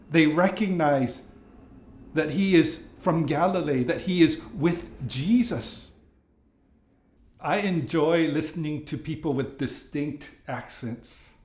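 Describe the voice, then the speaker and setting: Slow-speaking pastor man in an echoey church. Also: fairly high pitch, a little mellow. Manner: earnest preaching, acting out quoted lines with raised voice. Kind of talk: sermon. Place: church sanctuary.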